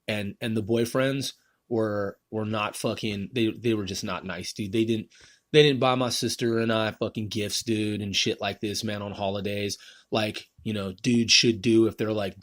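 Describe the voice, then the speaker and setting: Low-pitched and captured in a dry recording, a man in his forties hosts a solo podcast, rambling casually and cursing often. "Man" fills each pause, and "bro" shows up too.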